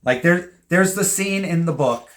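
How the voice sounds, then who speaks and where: A man's voice: high voice, normal speed, fairly bright tone. Easygoing man retelling a book. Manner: conversational, trails off and restarts, retells scenes. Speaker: podcast co-host. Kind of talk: casual book discussion.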